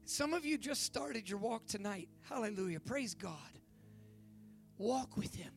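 A man in his forties giving a youth sermon, preaching with rising excitement and leading a fervent prayer. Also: sits high. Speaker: youth pastor. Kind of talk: sermon with altar call.

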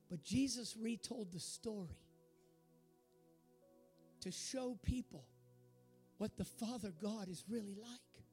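A preacher giving an animated sermon, retelling a story with emphatic repetition. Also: medium pitch, a little slow, long pauses, soft background music.

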